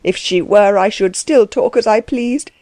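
A woman voicing an agitated, indignant young male tutor who bursts out in trembling, shrill tirades. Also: unhurried, warm tone, no room sound, natural voice. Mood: furious.

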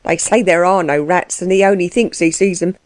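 A woman's voice: lowish voice, a little fast, slight background noise, lightly acted. A woman voicing a sly young thief. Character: sly young male thief, artful and amused.

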